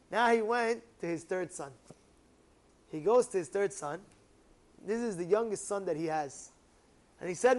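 A man telling a story to his listeners in an excited sermon, repeating and restarting phrases. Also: high-pitched, fairly quick.

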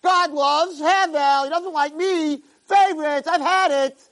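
A man's voice: very high voice, measured pace, a bit bright, pitched above the performer's own voice, heavily acted. A man voicing a sulking, resentful young man who complains in a whiny, self-pitying way.

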